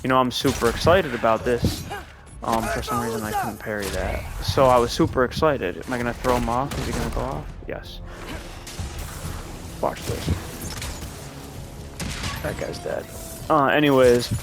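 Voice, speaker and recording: A man's voice: mid-range voice, moderate pace, pauses often, over loud music. A young man casually commenting while playing a game, telling rambling, profane stories in a laid-back way. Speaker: gameplay commentator. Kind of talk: casual gameplay commentary with storytelling. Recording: noisy background.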